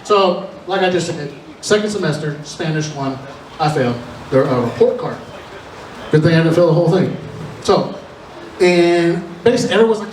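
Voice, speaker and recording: A man's voice: a little high, animated, moderate pace, pauses often, darkish tone, far from the mic, a little hiss or hum. Nervous young man doing stand-up. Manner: self-deprecating, chatty storytelling with many restarts. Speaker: opening comedian. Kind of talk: stand-up comedy set. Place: comedy show venue, live audience. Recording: echoey live room recorded from afar.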